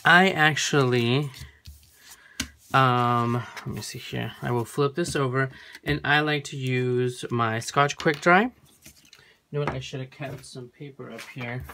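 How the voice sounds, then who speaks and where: A craft tutorial host's bright, forceful, mid-range voice comes a little slowly over slight background noise as they chat through a hands-on demo at a home work table. They often break off mid-sentence to correct themself, and the camera frames the work surface.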